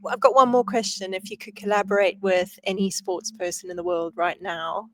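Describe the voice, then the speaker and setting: A woman hosting a podcast, chatting casually and leading the interview. Her pitch sits mid-range, and the recording is dry and close to the mic. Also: steady tone, a bit bright, no room sound, poor audio. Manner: chatty, explains with quick asides. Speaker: podcast host.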